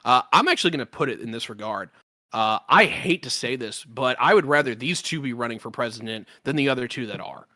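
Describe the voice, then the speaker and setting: A male panelist with a bright, forceful voice, recorded close and dry. He talks bluntly, swears casually and stumbles through restarts as he lays out his take. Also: medium pitch, animated, brisk, dry recording. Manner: hesitant, restarts often, blunt and cursing. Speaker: regular panelist. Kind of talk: casual political discussion.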